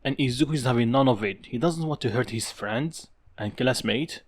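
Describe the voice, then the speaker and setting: A man's voice: medium pitch, moderate pace. A man narrating a fan story in a casual, offhand way. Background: background music.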